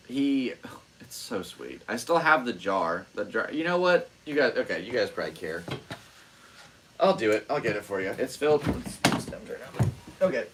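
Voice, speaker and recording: A young man hosting his own podcast alone, chatting in a rambling, excitable, self-deprecating way. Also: fairly low pitch, slight background noise, rough recording. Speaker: podcast host. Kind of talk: rambling solo podcast chat.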